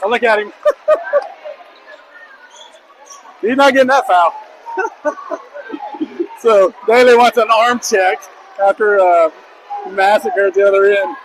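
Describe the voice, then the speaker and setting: A man with a very high voice calls basketball play-by-play from a gym, loudly rooting for the home side. A noisy crowd and constant gym racket fill the background. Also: moderate pace. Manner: excitable, openly biased toward the home team, shouts on big plays. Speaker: play-by-play commentator. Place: school gymnasium at a basketball game. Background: crowd noise.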